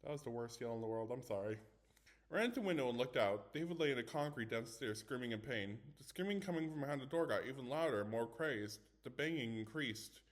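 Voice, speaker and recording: A man's voice: medium pitch, lively intonation, fast talker. A man reading a scary story aloud in first person, dramatic, with small stumbles. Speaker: story reader.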